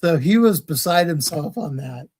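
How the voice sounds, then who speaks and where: A man's voice: a little high, lively intonation, normal speed, darkish tone, breathy edge. Chatty man telling a rambling story. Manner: rambling storyteller with many restarts. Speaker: co-host of a crochet livestream. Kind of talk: casual livestream chat.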